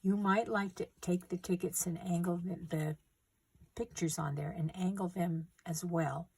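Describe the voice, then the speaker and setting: A middle-aged woman calmly walking viewers through a paper craft step by step while she works. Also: on the low side, husky. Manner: gentle, unhurried instructions while working with hands. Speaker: craft tutorial host.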